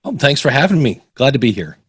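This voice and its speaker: Lively storytelling man, very dry sound. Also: medium pitch, fast talker, slightly rough, dry recording. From Ohio, USA. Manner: animated, acts out quoted dialogue, many restarts. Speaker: podcast consultant guest. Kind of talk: casual interview storytelling.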